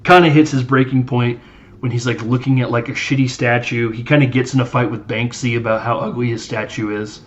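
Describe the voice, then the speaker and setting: A man's voice: medium pitch, fairly even intonation, brisk, lo-fi sound. A man hosting a podcast, casually recapping a film in a loose, chatty way with lots of fillers. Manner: loose and chatty, many fillers, laughs while acting out scenes. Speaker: podcast host.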